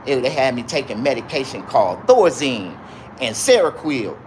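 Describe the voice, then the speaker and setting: A man's voice: medium pitch, sing-song, normal speed, slight background noise. A man rambling through a profane livestream monologue and reading viewer comments. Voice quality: profane, rambling, swings to loud outbursts.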